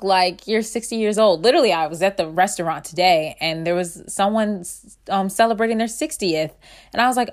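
A woman of about twenty reflecting on her life in an earnest, rambling way, full of fillers and restarts, her voice swinging between bright and hushed. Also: medium pitch, normal speed. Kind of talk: personal reflective monologue.

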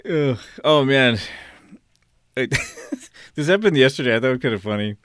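A man's voice: mid-range voice, lively intonation, fairly bright tone, clear, resonant tone, no room sound, clean studio sound. A man in casual chat who laughs along easily and tells his own anecdotes. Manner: chatty, quick to laugh along.

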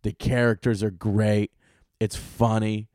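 A man's voice: fairly low pitch, slow, no room sound, clean studio sound. Profane young man ranting on a podcast. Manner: profane, animated, swings from loud outbursts to muttering. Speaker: podcast host. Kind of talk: solo podcast rant.

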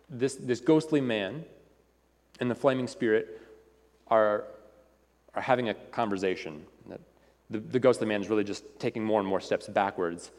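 A man's voice: mid-range voice, long reverb tail. A man preaching a sermon in an earnest, repetitive way, often restarting his phrases.

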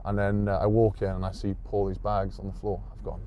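A South African man, a former rugby prop, telling a lively anecdote as a guest. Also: low-pitched, fairly quick, lo-fi sound, a little hiss or hum. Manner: lively storyteller. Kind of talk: casual anecdote.

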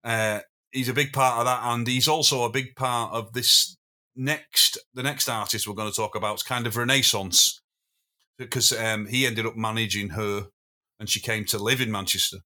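Rambling, bright-voiced male storyteller. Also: medium pitch, steady tone, normal speed. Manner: rambling storyteller, self-interrupting, chuckling. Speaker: podcast guest, former drummer. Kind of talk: casual anecdotal chat.

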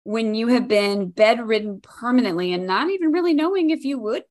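A woman's voice: on the high side, animated, fairly quick, a little mellow. A woman hosting a podcast, interviewing a guest in a supportive, affirming way. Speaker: podcast host.

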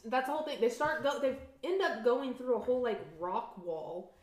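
A woman co-hosting a podcast, retelling a horror movie in casual chat, animated and swearing freely. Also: fairly high pitch, normal speed. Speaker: podcast co-host. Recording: echoey room sound on a live stream.

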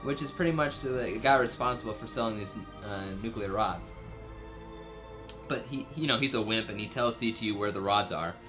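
A man's voice: lowish voice, moderate pace, music in the background. A man casually recapping a TV episode's plot for a podcast, rambling with fillers and jokey asides. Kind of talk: casual chat.

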